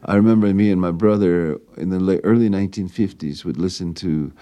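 A man recalling his childhood in a relaxed interview. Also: low voice, brisk. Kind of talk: reminiscing interview.

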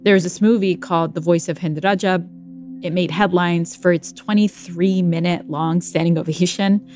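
A woman's voice: lowish voice, steady tone, moderate pace, a little mellow, faint music behind. A woman co-hosting a talk podcast, thinking aloud in a casual, chatty way. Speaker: podcast co-host. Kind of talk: conversational radio chat.

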